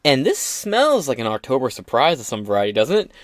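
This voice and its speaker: A man's voice: mid-range voice, huge pitch swings, fairly quick, no echo, clean studio sound. A man hosting his own podcast, giving casual political commentary in a profane, joking, rambling way. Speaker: podcast host.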